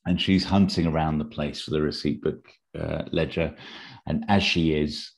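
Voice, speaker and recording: This podcast co-host has a very deep, creaky voice, fairly even intonation and a moderate pace. He rambles casually while pitching an episode idea, with frequent fillers and restarts.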